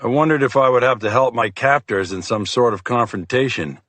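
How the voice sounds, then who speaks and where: A man narrating a crime thriller audiobook in the first person, with a steady, measured delivery. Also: mid-range voice, no echo.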